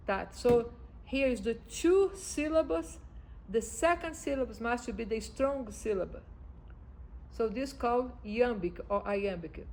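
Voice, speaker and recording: Slow, halting woman teaching rhythm. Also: fairly high pitch, low-quality recording. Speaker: music teacher. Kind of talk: music theory lesson. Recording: faint background noise.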